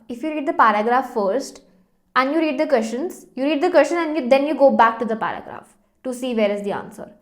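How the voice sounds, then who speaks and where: Young indian woman teaching french exam tips, a bit high-pitched, lots of emphasis and tone changes. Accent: Indian English. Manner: explanatory, emphatic, varied intonation. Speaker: French language tutor.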